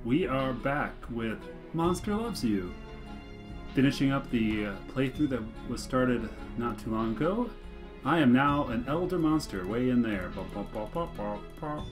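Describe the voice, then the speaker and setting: A man casually narrating his way through a video game, reading its text aloud and reacting with cheerful enthusiasm. His pitch swings around lively and freely, with game music playing clearly underneath. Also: a little slow. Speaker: let's play host. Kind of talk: casual gameplay commentary.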